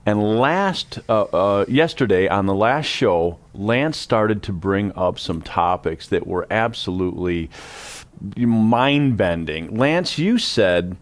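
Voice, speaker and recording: Low-voiced man hosting a ministry show. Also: expressive, slow. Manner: earnest, exhorts the audience directly. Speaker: talk show host.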